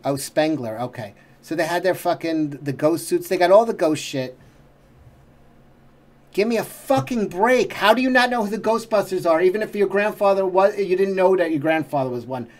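A man's voice: high-pitched, animated, moderate pace. Exasperated man ranting with heavy swearing. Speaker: trailer reaction host. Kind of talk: profane ranting commentary.

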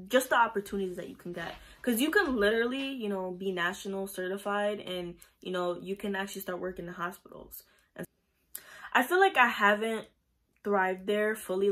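A woman's voice: mid-range voice, a bit bright. A young woman talking casually about her job as a pharmacy technician, chatty and rambling with lots of fillers. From Puerto Rico. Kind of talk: casual vlog storytelling.

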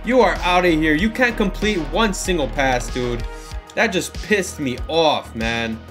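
A young man with a slightly high voice narrates his football video game as he plays. He swings from calm play-by-play to excited shouts and frustrated outbursts at the big moments. Faint game music sits underneath him. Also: unhurried. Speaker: gaming YouTuber. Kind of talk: live gameplay commentary.

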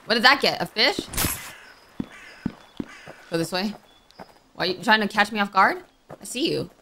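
A woman's voice: mid-range voice, lively intonation, moderate pace, sharp tone, slight background noise. A woman giving let's-play commentary, jumpy and flustered. She keeps crying out in alarm and pleads with the game under pressure. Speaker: gaming YouTuber. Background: game music.

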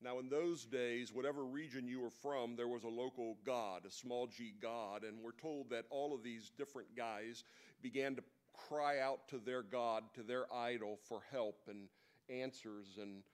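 A man's voice: mid-range voice, fairly even intonation, moderate pace, clean tone. Man preaching in a conversational storytelling style. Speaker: speaker at a men's breakfast. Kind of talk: sermon.

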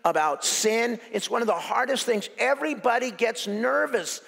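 A male pastor preaching an animated sermon, cracking jokes and hammering phrases by repetition. His voice sits high for a man and carries a gravelly rasp. It rings out with long reverb in an echoey church hall. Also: normal speed.

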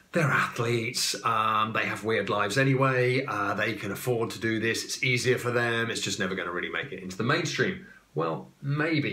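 A man's voice: lowish voice, pushed and bright. A man from England with an English accent, hosting a casual explainer podcast and breaking off into joking asides. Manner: chatty, joking asides and digressions. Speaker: podcast host. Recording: echoey room.

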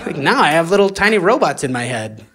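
A man's voice: a little high, sing-song, fast talker, crowd noise. A man doing a stand-up comedy set, rambling through absurd ideas and chuckling at his own jokes.

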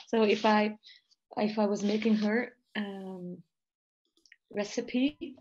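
A Belgian-accented woman talks through vocal technique over a video call, thoughtful and analytical. Her voice sits at an ordinary middle pitch for a woman. The call audio is slightly dull and muffled. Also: steady tone, extremely slow, pauses often, dark tone. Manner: thoughtful, analytical, light laughs between points. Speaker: jazz voice teacher and researcher. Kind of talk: online interview, analyzing singing technique.

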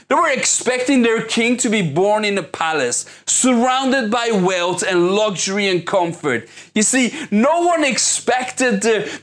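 A man with a high voice for his sex, preaching a sermon as a pastor. He prays in measured phrases and drives his points home with emphatic repetition. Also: a bit bright. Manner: prayerful, then building into impassioned preaching.

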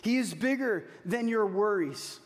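Man, pastor, sermon, earnest, repeats key lines slowly, high voice, long hall reverb. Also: lively intonation. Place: church hall.

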